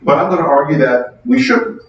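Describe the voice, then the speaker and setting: A middle-aged man giving a university economics lecture, conversational and animated, asking the class questions, recorded from far off in a large lecture hall. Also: a little high, fairly quick. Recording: distant echoey hall, dull sound.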